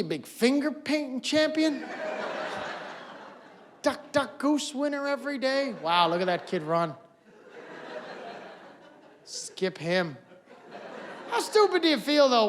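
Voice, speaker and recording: A man performing a stand-up comedy set on stage, animated, shouting his punchlines and mimicking characters. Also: extremely high pitch, a little hiss or hum. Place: comedy stage before a live audience.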